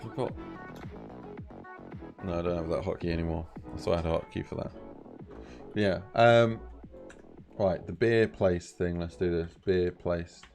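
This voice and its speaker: Low gravelly man, laid-back. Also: normal speed, long pauses, a little mellow, faint music behind. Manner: rambling, laid-back, lots of fillers. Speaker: game mod developer streaming. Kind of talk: casual live-stream chat.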